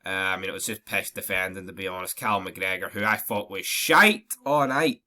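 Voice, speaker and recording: A man's voice: low voice, normal speed, pushed and bright. A young Scottish man with a throat infection and stuffy nose, ranting bluntly and mockingly through a casual football match review. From Scotland. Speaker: football vlogger.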